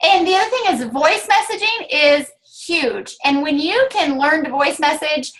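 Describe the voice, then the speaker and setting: A woman's voice: sits high, animated, normal speed, a bit bright. A woman with a Southern US accent, co-hosting a casual chat and explaining things step by step in an upbeat, coaching way. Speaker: co-host.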